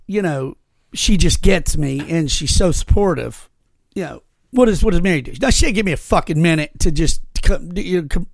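This podcast co-host has a high-pitched voice, and there's no echo on the audio. He tells an animated story in a loose, casual conversation, cursing heavily throughout.

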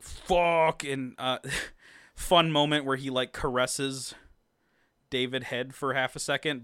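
A man's voice: mid-range voice, pushed and bright, clean tone, no echo, clean studio sound. A man co-hosting a podcast, casually recapping a movie with lots of swearing and laughter. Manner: rambling, profane, laughs often and acts out quotes. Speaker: podcast co-host.

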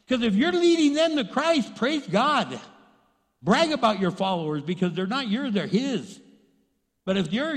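A middle-aged male pastor from Texas preaching a sermon to a packed church, swinging from hushed asides to fired-up shouting. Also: very high-pitched, long reverb tail.

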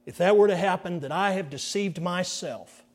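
A middle-aged male pastor preaching a sermon, earnest and dramatic, dropping to hushed near-whispers for emphasis. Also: high voice. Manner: earnest, slow and deliberate phrasing.

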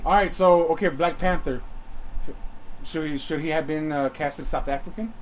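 A man with a slightly raised pitch presses his case in a relaxed group chat, firing off pointed questions. Faint background hiss sits under his voice. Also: normal speed, poor audio. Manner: argumentative, poses pointed questions. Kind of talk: casual group debate.

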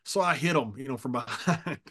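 A man's voice: medium pitch, fairly quick, fairly bright tone. A man in his fifties, a podcast guest, telling stories casually, chuckling often and repeating words as he goes. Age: 50s. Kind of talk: casual storytelling.

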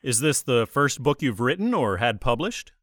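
A man's voice: mid-range voice, sing-song, normal speed, fairly bright tone, dry recording, clean studio sound. A man hosting a book interview, with a polite, formal, announcer-like delivery. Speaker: interview host.

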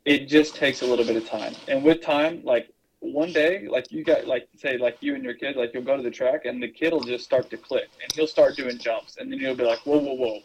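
A man's voice: mid-range voice, fairly quick, a little hiss or hum, poor audio. A man co-hosting a podcast, telling long stories in a loose, rambling way with plenty of fillers. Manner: rambling, filler-heavy storytelling. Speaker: podcast co-host. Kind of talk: casual podcast chat.

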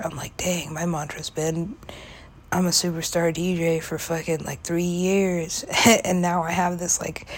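In a rambling, casual monologue about herself, a young woman vlogger uses a mid-range, somewhat mellow voice. She swears, says "like" constantly, laughs often, and now and then lowers her voice to a whisper.

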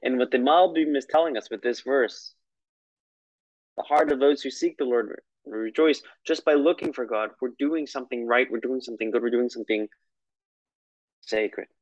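A man's voice: mid-range voice, normal speed, no room sound. Conversational male prayer teacher, muffled. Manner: conversational, storytelling with asides and laughs. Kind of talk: recorded lesson on prayer.

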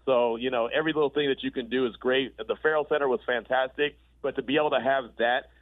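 A man calling in to talk sports, words tumbling out at a brisk clip. His voice comes through tinny and narrow, like a phone line, with no room sound. He leaps higher when he gets worked up. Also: no echo. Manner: animated, quick, pitch jumps when excited. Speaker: regular guest commentator.

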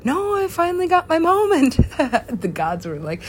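A woman's voice: very high voice, huge pitch swings, moderate pace, slight background noise. A woman talking in a rambling monologue, laughing often and dropping to whispers now and then.

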